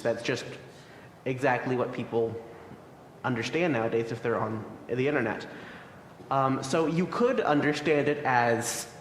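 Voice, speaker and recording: A young man teaching a Sunday school class in a relaxed way, with many ums and uhs. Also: medium pitch. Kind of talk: classroom lesson, answering questions. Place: church classroom. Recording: echoey room, faint noise.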